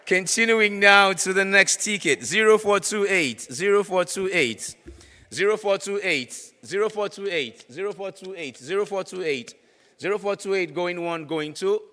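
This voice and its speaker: Nigerian guy emceeing a raffle, bright punchy voice, kinda high, joking around, long hall echo. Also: normal speed. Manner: teasing, repeats ticket numbers in a singsong. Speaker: raffle draw host. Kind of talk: playful event emcee. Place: conference hall. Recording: echoey hall with long reverb.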